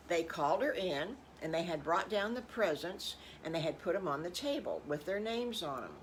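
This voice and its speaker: A woman's voice: on the low side, very animated, normal speed, hardly any pauses, background noise. An older woman telling improvised children's stories, folksy with chuckling asides. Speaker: storyteller.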